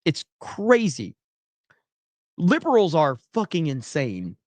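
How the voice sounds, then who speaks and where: Profane ranting man, fairly high voice. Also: wildly swooping pitch, dry recording. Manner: profane, blunt, fast bursts of ranting. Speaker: livestream host reading chat. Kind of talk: ranting livestream chat.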